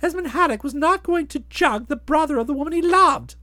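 A woman voicing a chatty, self-satisfied young gentleman in a bouncy, wordy way. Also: high voice, lively intonation, brisk, no echo, studio quality. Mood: breezy. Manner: bouncy, wordy, fond of flowery phrases. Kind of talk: audiobook drama, narrating and voicing the hero.

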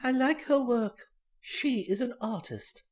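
A reader doing a quiet, wistful old aunt. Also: medium pitch, animated, slow pace. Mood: measured. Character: elderly aunt, former stage performer, grand.

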